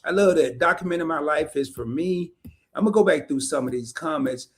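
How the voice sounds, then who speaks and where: Chatty, animated man hosting a livestream. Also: on the high side, fairly quick. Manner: animated, laughs often, chatty. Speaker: podcast host. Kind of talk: casual livestream interview. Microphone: streaming setup, remote call.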